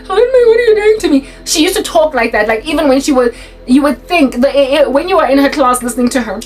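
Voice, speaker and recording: A woman tells a school story in a casual vlog, animated and laughing often. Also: on the high side, poor audio. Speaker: YouTuber.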